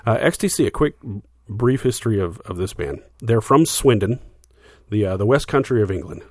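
A man's voice: lowish voice, lively intonation, moderate pace, darkish tone, no echo, clean studio sound. A man co-hosting a podcast, casually explaining music history with lots of fillers and restarts. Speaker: podcast co-host.

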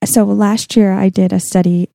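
A woman in casual faith talk, warm and dark in tone with a gravelly edge. She chats earnestly and works through her study notes. The sound is close and dry. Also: mid-range voice, little pitch movement, normal speed, dry recording. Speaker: podcast co-host.

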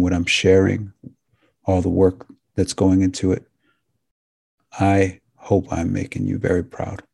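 A man hosting a talk show, speaking earnestly and emotionally to his listeners, halting and restarting as he goes. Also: low voice, vocal fry, dark tone, breathy edge, dry recording. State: tearing up. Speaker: podcast host. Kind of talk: heartfelt monologue to listeners.

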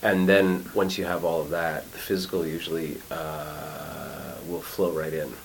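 A middle-aged man, an actor and acting teacher, chatting in an interview, animated and full of restarts as he acts out quotes. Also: rumbling low, a little slow, vocal fry, a little hiss or hum, rough recording. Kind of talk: casual interview conversation. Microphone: studio mic.

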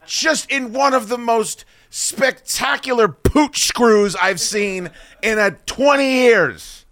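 A man's voice: very high voice, slow, fairly bright tone, dry recording. A man hosting a podcast, chatting casually and telling ranting, profane, mocking stories. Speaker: podcast host. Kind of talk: casual chat.

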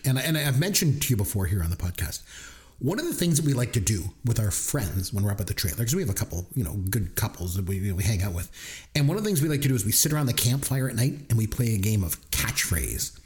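A man hosting a casual podcast, telling stories with lots of animation. His pitch swings widely from phrase to phrase. He talks like he's catching up with a friend. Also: fast talker. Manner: animated storyteller, puts on voices when retelling. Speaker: podcast co-host.

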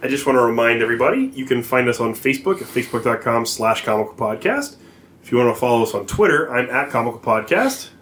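A man's voice: medium pitch, fast talker, slight background noise. A man co-hosting a podcast, chatting casually and laughing often as he tells a story. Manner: laid-back, laughs often, animated storytelling. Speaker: podcast co-host.

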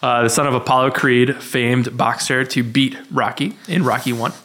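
A man's voice: medium pitch, fairly even intonation, normal speed, fairly bright tone. A man in his thirties co-hosts a casual podcast in a mid-range voice. He hesitates a lot, fills gaps with fillers and laughs often. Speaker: podcast co-host. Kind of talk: casual chat.

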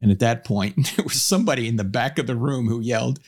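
A man giving a public talk on Christian theology, animated, shifting his pace and pitch for emphasis and telling stories with humor. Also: quick pace, few pauses. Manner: storytelling with humor. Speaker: Christian apologist speaker.

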